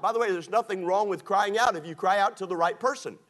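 A pastor delivers a storytelling sermon in a high, fast, fairly bright voice. His preaching is folksy and humorous, and he acts out the dialogue in his stories.

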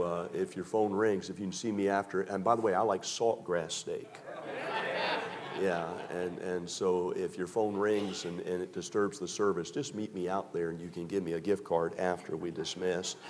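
A man's voice: deep voice, level tone, normal speed, a crowd in the background. A man preaching a sermon as pastor, folksy joking asides that build into emphatic preaching.

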